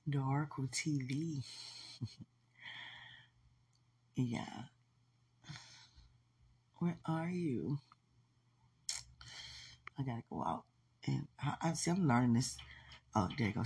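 A woman hosting a casual livestream chat, gushing with affection and laughing easily. Her voice is gravelly and husky, and she takes her time with each word. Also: low-pitched, a little mellow. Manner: effusive and affectionate, laughing often. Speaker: podcast host.

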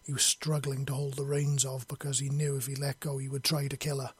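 A man narrating a fantasy story in a steady, measured read. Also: mid-range voice, breathy edge, dry recording.

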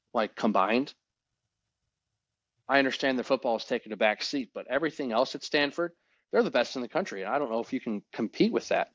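A man co-hosting a casual podcast chat, excitable and rambling, often restarting his words. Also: medium pitch, no room sound. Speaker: podcast co-host. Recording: dull, dry, lo-fi podcast audio.

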